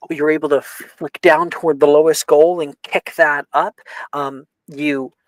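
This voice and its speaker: Young man, game master, tabletop narration, slightly high voice, dry close mic, lots of ums. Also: little pitch movement, measured pace, no echo. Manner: loose, filler-heavy narration with sound effects.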